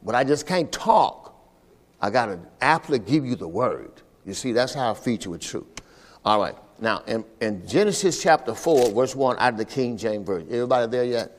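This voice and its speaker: This pastor's mid-range voice is animated and moves at a moderate pace, trailing a long reverb tail through the church. Calling on the congregation for responses during his sermon, he keeps repeating "all right."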